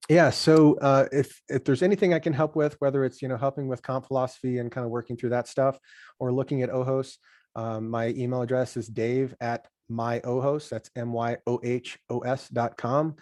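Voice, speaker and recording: Guy guesting on a podcast, lively, acts out little office dialogues, dry close sound. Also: mid-range voice, moderate pace, no echo. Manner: animated, acts out workplace dialogue. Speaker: podcast guest, software founder. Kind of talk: conversational interview.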